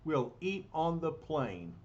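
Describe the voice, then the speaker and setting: A man's voice: a little high, very animated, slow. A man voicing an earnest, determined male superhero, on a dull lo-fi recording.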